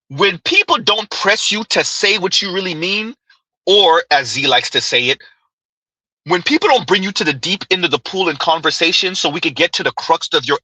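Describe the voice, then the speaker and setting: A man's voice: high-pitched, sharp tone, breathy edge, dry recording, rough recording. A man hosting a live commentary stream, reading comments and ranting emphatically with lots of repetition. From Caribbean descent. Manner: emphatic, repeats phrases, talks to chat directly.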